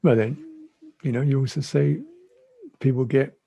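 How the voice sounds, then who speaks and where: A man who is a Buddhist monk teacher giving a dhamma talk in a reflective, gentle way, often repeating his phrases. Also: mid-range voice, measured pace, creaky, breathy edge, highs cut off. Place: monastery meditation hall.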